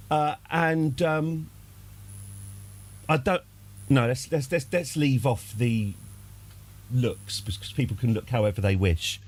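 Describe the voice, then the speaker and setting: A man's voice: medium pitch, takes it slowly, pauses often. A British man streaming from home, telling a casual story in a rambling, wry way with lots of restarts. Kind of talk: casual anecdote.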